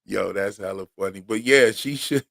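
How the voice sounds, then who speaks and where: A man's voice: on the low side, moderate pace, creaky, fairly bright tone, dry recording, studio quality. A man co-hosting a live stream, chatting casually about a TV episode, laughing often and swearing freely. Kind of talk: casual chat reviewing a TV episode.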